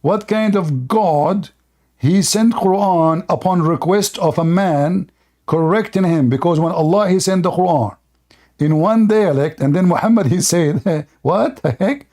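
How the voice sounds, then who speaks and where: A high-voiced man hosts a heated online debate. He is mocking and combative and talks right over his opponent. He keeps pressing his point. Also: unhurried, warm tone. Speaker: debate host. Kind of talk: heated live-stream debate.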